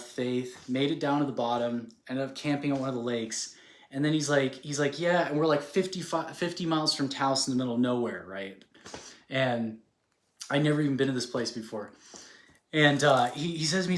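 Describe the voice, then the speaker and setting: Male speaker, casual rambling storyteller, average pitch, roomy echo. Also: normal speed. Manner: rambling, filler-heavy, animated retelling. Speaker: spiritual speaker.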